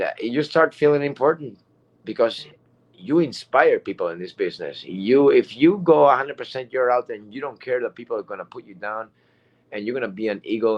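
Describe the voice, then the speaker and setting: A man's voice: medium pitch, muffled recording. A man giving a rambling, emphatic motivational talk as a guest speaker, repeating himself often.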